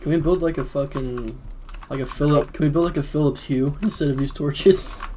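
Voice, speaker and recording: Young adult, casual gaming chat, joking and excitable, mid pitch, keyboard clicks behind. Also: normal speed, background noise. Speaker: friend on a gaming stream.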